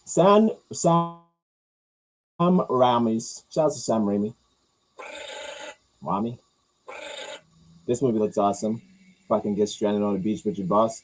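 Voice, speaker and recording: A man hosting a podcast, riffing casually and jokingly on comments, rambling and repeating himself. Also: low-quality recording. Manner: rambling, jokey, swings loud and high for bits. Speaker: podcast host reading comments.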